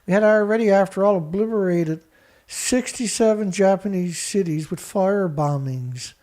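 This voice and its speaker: A man hosting a show, reading research text aloud haltingly and breaking in with scornful remarks to an absent critic. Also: sits high, mellow. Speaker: show host. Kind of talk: reading documents aloud with commentary.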